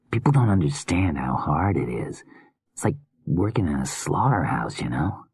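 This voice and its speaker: A man's voice: rumbling low, breathy edge, no echo, exaggerated voice. A man voicing an unhinged, weary male killer filmmaker in a slurred whisper, as whispered role-play in an audiobook.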